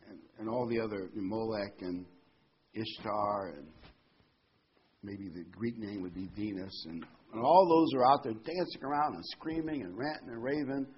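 A man teaching a Bible study in a casual, storytelling way, jumping up in pitch when he quotes people. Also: slight background noise. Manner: conversational, storytelling, jumps to a higher pitch for quoted voices. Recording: dull lo-fi sound.

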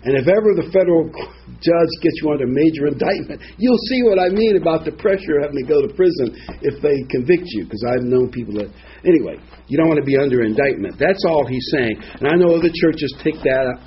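A man's voice: a little high, animated, brisk, highs cut off, slight background noise. A man giving an informal Bible teaching, rambling and digressive, with frequent asides and fillers. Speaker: preacher.

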